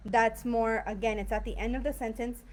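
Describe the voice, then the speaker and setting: A woman leads a live online English lesson over a video call, her voice sitting a little high. She explains patiently, often pausing on fillers and checking in with a quick "right?". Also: steady tone, a little mellow. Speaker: English teacher. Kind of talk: live online grammar class.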